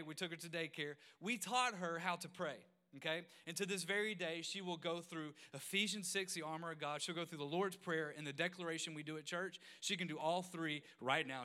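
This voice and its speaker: Bright, forceful preacher man. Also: on the high side. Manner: animated, self-mocking, bursts of loud exclamation. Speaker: pastor. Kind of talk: storytelling sermon.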